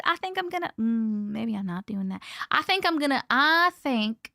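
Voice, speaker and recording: A woman with a high voice runs a relaxed live stream from home and chats with her viewers as she goes. She sounds playful, laughs a lot and swears lightly, with a slight cough here and there. The sound is dry and close, with little room echo. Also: normal speed, hardly any pauses. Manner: chatty, playful, laughs often, swears casually. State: coughing, needs a cough drop. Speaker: livestream host reading viewer stories.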